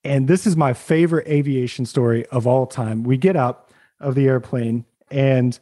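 A man, a podcast host, telling a lively anecdote in casual chat. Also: medium pitch, normal speed. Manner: animated anecdote telling with laughs.

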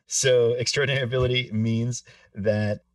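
A man co-hosting a podcast, explaining things in a measured, explanatory way. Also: mid-range voice, steady tone, dry recording, recorded from a distance. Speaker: podcast co-host. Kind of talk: casual podcast discussion.

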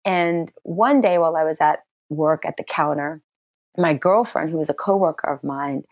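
A middle-aged actress telling a personal story in an interview, animated and acting out what people said in a high, excited voice. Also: female voice, moderate pace, dry recording, muffled recording. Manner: lively storyteller who acts out quotes in a high excited voice.

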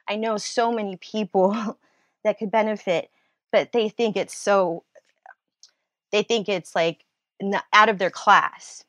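Woman, interview guest, animated, rambling, frequent restarts, mid-range voice, dry close sound. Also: medium pitch, no echo. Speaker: guest, nurse and writer. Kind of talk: casual conversational interview.

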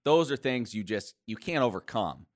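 A man's voice: medium pitch, expressive, normal speed. A man co-hosting a sports talk show, chatting casually with many fillers and restarts.

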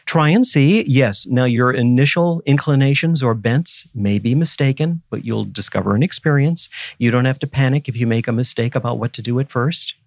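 Gravelly older man, earnest and teacherly. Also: mid-range voice, moderate pace, few pauses, no room sound, clean studio sound. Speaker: guest scholar. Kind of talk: reflective interview conversation.

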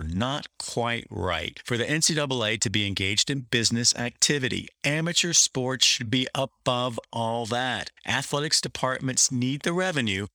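A man's voice: medium pitch, bright, forceful tone, dry recording, clean studio sound. A man hosting a commentary, reading quoted passages aloud with dramatic emphasis and sardonic, critical remarks between them. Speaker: podcast host.

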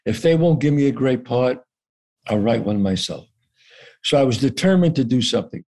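A man's voice: mid-range voice, normal speed. A man telling a story from his life in casual conversation, acting out the people in it and swearing freely. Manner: animated, profane, acts out quoted voices. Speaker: guest actor.

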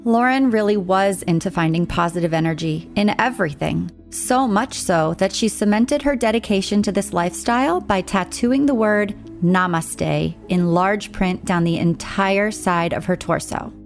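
Woman doing true crime narration, kinda gravelly voice, measured and scripted, music under it. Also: medium pitch. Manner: measured, storytelling delivery. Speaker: documentary narrator.

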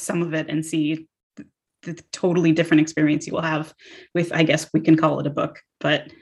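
A woman's voice: low-pitched, husky. A woman interviewer asking questions in a chatty, casual way full of fillers. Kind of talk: conversational interview.

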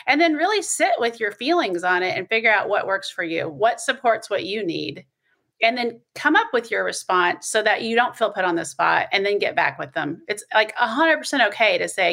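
A woman co-hosting a casual advice talk, with a bright and crisp tone at a mid-range pitch. She speaks calmly and practically, and she reads listener questions aloud to the others. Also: a little fast. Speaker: podcast co-host.

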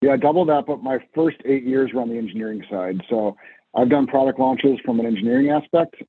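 A man guest, a senior product manager, speaking in a measured, hedging way over a call. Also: medium pitch, husky. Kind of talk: casual interview talk. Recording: tinny phone-like call audio.

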